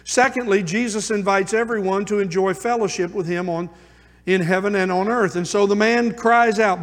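A man preaching a sermon as pastor, moving between hushed asides and emphatic calls. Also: high-pitched, normal speed. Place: church sanctuary. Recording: long church reverb.

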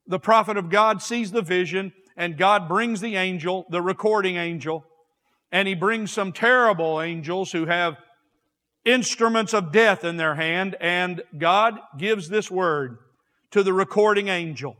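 A man preaching a sermon, swinging from quiet, slow passages to raised, shouted ones. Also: sits high. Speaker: pastor. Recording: long hall reverb.

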